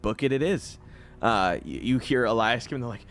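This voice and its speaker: A man's voice: medium pitch, expressive, normal speed, a little hiss or hum. A young man narrating a tabletop game as game master, laughing often in a loose, profane way.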